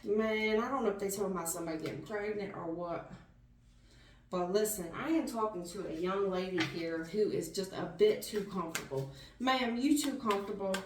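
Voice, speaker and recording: A woman doing a tarot reading who talks to the viewer in blunt street slang, animated and direct. She sits a bit back from the mic, so her voice sounds distant. The room around her is echoey. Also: medium pitch, fairly quick, a little hiss or hum. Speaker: tarot reader.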